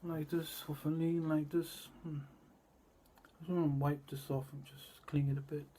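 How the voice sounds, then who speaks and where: At a normal speed and with flat delivery, a man rambles through a cryptic monologue. Words recur, and his voice shifts from quiet murmurs to loud bursts.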